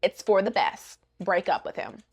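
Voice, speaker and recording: A woman's voice: medium pitch, big pitch swings, normal speed, darkish tone, slightly rough, pitched below the performer's own voice. A woman voicing a blunt friend giving frank, matter-of-fact advice.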